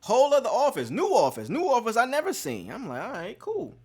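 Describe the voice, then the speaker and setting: A man's voice: very high voice, wildly swooping pitch, fast talker, husky. A man hosting a podcast, telling a story in casual, profane slang and acting out the scenes. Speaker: podcast host.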